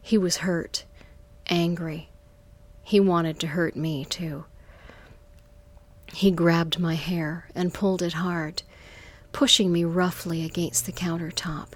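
Woman narrating softly in a breathy half-whisper. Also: on the low side, steady tone. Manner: soft, half-whispered, drawn-out delivery. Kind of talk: first-person erotic story narration.

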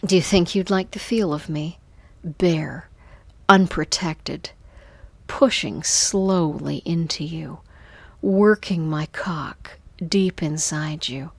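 A smug, domineering boss with a low, purring, seductive voice, as a woman reader puts him on. He speaks slowly and breathily, savoring every word. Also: gravelly, breathy edge, no echo, exaggerated voice. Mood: taunting. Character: smug domineering middle-aged male boss.

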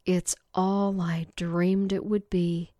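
A woman voicing a playful, eager young woman in a slow, breathy read-aloud story. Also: lowish voice, flat delivery, warm tone, no echo, clean studio sound.

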